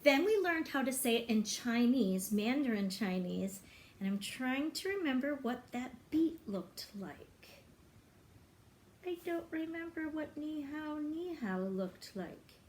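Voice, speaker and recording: A woman music teacher talking brightly and encouragingly to young children, now and then singing a short greeting song. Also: sits high, expressive, unhurried, a little hiss or hum.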